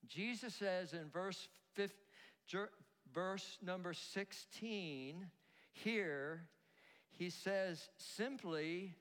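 A man preaching a sermon as pastor, animated, leading the congregation in call-and-response. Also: sits high, slow, clear, resonant tone. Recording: long hall reverb.

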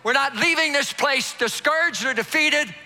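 A man's voice: extremely high pitch, moderate pace, bright, forceful tone. A man preaching as pastor, rousing his congregation and leading them in call-and-response. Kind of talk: sermon. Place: large church hall.

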